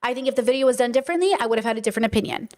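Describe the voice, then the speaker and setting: A woman's voice: a little high, rapid-fire, darkish tone. A young woman hosting a casual livestream podcast, talking in an emphatic, chatty way with many fillers and restarts. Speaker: podcast host.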